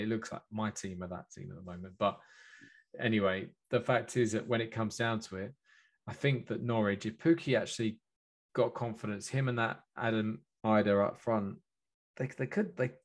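Lowish-voiced man musing about football. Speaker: football podcast co-host. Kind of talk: casual football chat.

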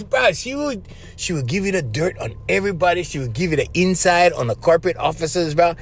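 A man with a Hawaiian Pidgin English accent, hosting a podcast and telling stories in a loose, animated way that is full of laughs. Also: high-pitched, moderate pace. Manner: animated, laughing often, acts out voices, says "right?" after phrases. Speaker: podcast host. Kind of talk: casual storytelling monologue.

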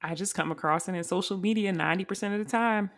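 A woman co-hosting a casual group chat, thoughtful, laughing and stretching words for emphasis. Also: mid-range voice. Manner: reflective, laughing, drawn-out emphasis. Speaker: podcast co-host.

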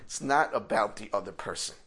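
Guy doing a hotel owner, high and shouty when he's riled, bright edgy voice. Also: a little fast, slightly rough. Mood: sincere. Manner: swings from calm to furious shouting. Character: fiery, proud middle-aged hotel owner.

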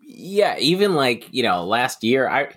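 A man's voice: medium pitch, very animated, measured pace, fairly bright tone. A man co-hosting a comedy podcast, talking in a hesitant, meandering way. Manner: hesitant, restarts often, meandering. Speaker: podcast co-host. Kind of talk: casual comedic chat.

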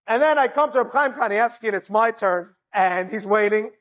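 A man's voice: high voice, fairly quick, a bit bright. A man telling a personal story to an audience with humor and energy, laughing often. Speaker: inspirational speaker.

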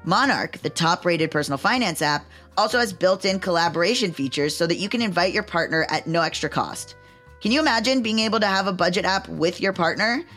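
A woman's voice: fairly low pitch, animated, fairly quick, a bit bright, soft background music. A woman podcast host doing an upbeat, enthusiastic scripted ad read.

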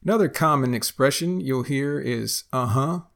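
A Texan man from the United States, with a Texas accent, explains English phrases in a lesson, speaking slowly and deliberately and repeating every example. His voice is mid-range and creaky.

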